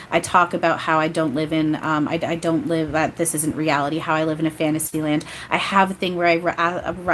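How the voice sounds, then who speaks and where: Rambling, emotional woman channeler, low voice. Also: slight background noise, low-quality recording. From grew up Catholic. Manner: rambling, emotional, many restarts. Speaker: spiritual channeler doing live readings. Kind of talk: live-stream chat and channeling.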